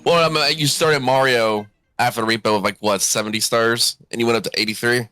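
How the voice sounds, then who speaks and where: A man's voice: mid-range voice, steady tone, brisk, bright, forceful tone, smooth, no echo, faint music behind. A man chatting casually with a streamer on a voice call, laid-back and joking. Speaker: friend on a voice call. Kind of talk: casual chat.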